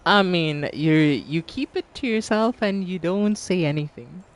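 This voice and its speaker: A woman's voice: fairly low pitch, animated, a little slow. A woman streaming a game, chatting casually with her audience, teasing and laughing often and swearing freely.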